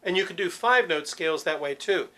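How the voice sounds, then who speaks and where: A man teaching church cantors vocal warm-ups, explaining patiently and demonstrating sounds. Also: high voice, lively intonation, fairly quick, noisy background. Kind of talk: instructional talk with sung demonstrations.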